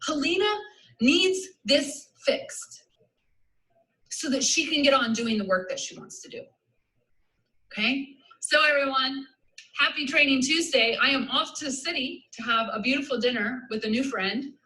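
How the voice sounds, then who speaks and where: A woman with a Southern US accent giving an energetic live business-coaching talk, emphatic and repetitive, laughing often. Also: sits high, normal speed, reverberant, rough recording.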